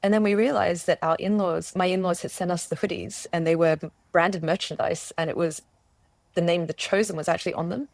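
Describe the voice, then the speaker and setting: Woman guest, low-pitched, earnest personal testimony, dry booth sound. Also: steady tone, brisk, vocal fry, a little mellow, dry recording. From Australia. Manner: earnest, searching, with many restarts and self-quotes. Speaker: interview guest.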